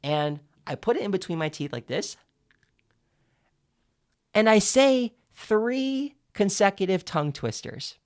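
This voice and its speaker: A man teaching public speaking in an instructional video, emphatic and clearly enunciated, demonstrating exercises as he explains them. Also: high voice, big pitch swings, measured pace, long pauses.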